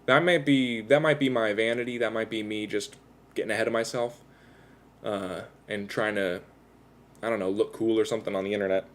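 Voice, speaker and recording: A man's voice: fairly low pitch, fairly even intonation, fairly quick, a bit bright. A man chatting casually with his viewers on a livestream, rambling and self-deprecating as he talks while tattooing himself.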